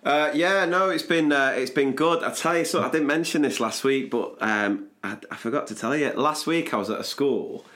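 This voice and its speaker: A man, hosting a podcast in casual chat, chirpy and jokey, sometimes dropping low and soft while recounting. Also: a little fast, hardly any pauses. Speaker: podcast host.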